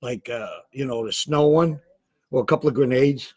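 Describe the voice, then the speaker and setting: A man co-hosting a casual comedy podcast, stuffy and husky-sounding, laughing often. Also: mid-range voice, moderate pace, a little mellow, no room sound. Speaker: co-host.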